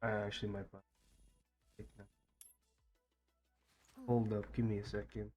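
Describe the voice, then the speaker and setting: Slow-talking swearing gaming streamer, man. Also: lowish voice, level tone, warm tone, soft background music. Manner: frustrated, swearing, muttering to himself. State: scratchy throat, clearing it. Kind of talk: live gaming stream commentary.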